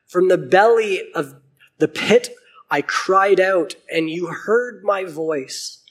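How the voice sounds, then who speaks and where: A man reading out the prayer of Jonah in an earnest, husky reading voice. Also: sits high, slow, fairly bright tone, voice pushed up, heavily acted. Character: Jonah, a man praying from the fish's belly.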